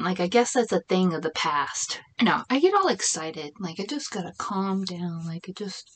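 Casting: woman, 30s, mid-pitched, rambling casual vlogger, exasperated and chatty. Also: lively intonation, normal speed, hardly any pauses. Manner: rambling, chatty, frequent restarts and "like"; exasperated venting. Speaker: small business owner. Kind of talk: casual chat.

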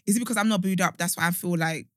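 Husky, blunt young woman. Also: fairly low pitch, very fast, dry recording, studio quality. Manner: energetic, blunt. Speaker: podcast co-host. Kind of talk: casual chat.

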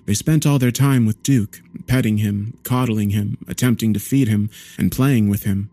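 A man narrating a horror story in a measured, somber way. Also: on the low side, warm tone.

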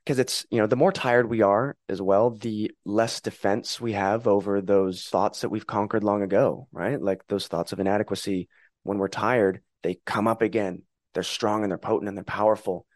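Man, reflective podcast guest; low, steady voice, dry close sound. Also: normal speed, no echo. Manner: calm, earnest, acts out inner voices. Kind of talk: reflective conversation.

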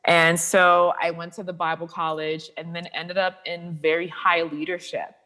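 Woman, deep voice, interview guest, candid storytelling, quotes people animatedly. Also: little pitch movement, normal speed, sharp tone. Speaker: sexuality coach and podcast guest.

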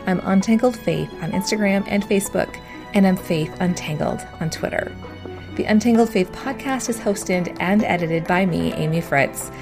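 A woman podcast host reading a scripted outro announcement in a steady, friendly way. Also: fairly low pitch, normal speed, creaky. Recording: voice over background music. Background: music.

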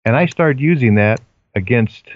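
A man's voice: mid-range voice, expressive, normal speed, dry recording, muffled recording. An older man, a guest on a casual talk show, telling his stories earnestly with frequent fillers and restarts. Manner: earnest storytelling, hesitant fillers. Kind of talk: casual chat.

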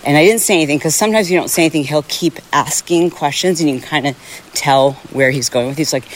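A woman's voice: low-pitched, fast, slight background noise. A middle-aged woman hosting a solo podcast outdoors, talking in a candid, rambling and emphatic way. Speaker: podcast host. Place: outdoors on a rainy ocean sidewalk.

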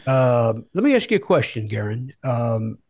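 A man hosting a podcast in a loose, joking way, quick to rib his guests and toss out questions. His voice sits at a middle pitch and is recorded dry and close, with no room sound. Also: sing-song, a little mellow, husky, no room sound. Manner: teasing, asks questions. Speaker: podcast host. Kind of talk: casual chat.

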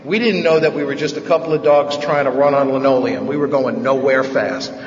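A man's voice: mid-range voice, fairly quick. Wry storyteller man from the Bronx, echoey hall. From the Bronx, New York. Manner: wry, joking, animated storyteller. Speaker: speaker at a recovery meeting. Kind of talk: personal recovery talk, humorous storytelling. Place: large meeting hall. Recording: echoey hall, distant mic, dull sound.

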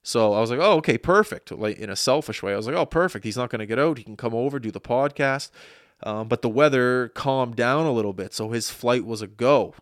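A man's voice: medium pitch, fairly quick, no echo, studio quality. A young man, hosting a podcast and telling a rambling, self-deprecating story full of restarts. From Atlantic Canada. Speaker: podcast host. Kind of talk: casual monologue. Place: small studio.

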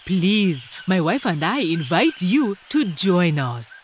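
A woman's voice: on the low side, big pitch swings, takes it slowly, soft background music. A woman voicing a proud, fussy male toad in a storybook, speaking in a formal, proper way.

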